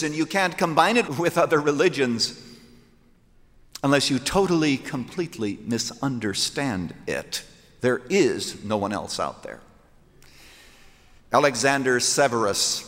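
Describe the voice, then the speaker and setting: A man's voice: medium pitch, animated, unhurried, pauses often, fairly bright tone. Emphatic male preacher in an echoing hall. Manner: emphatic, rhetorical, quoting scripture in old-fashioned wording. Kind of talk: sermon. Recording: long hall reverb from a large room.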